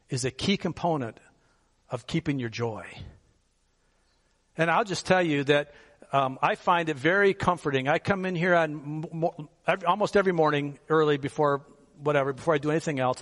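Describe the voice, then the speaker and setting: A man's voice: a little high, brisk, a bit bright, long reverb tail. A male pastor preaching a sermon in a conversational way, asking his listeners rhetorical questions and chuckling now and then.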